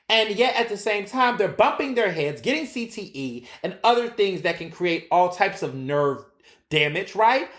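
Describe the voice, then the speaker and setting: Animated man hosting a podcast, roomy sound. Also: high voice. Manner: animated, profane, acts out quoted voices. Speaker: podcast host. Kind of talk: casual solo commentary. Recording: roomy echo.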